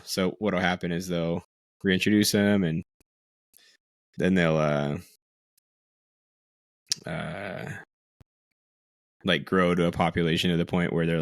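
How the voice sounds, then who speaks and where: A man's voice: low-pitched, fairly bright tone, no room sound, studio quality. A man co-hosting a podcast, talking in a laid-back, joking way. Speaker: podcast co-host. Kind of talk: casual chat.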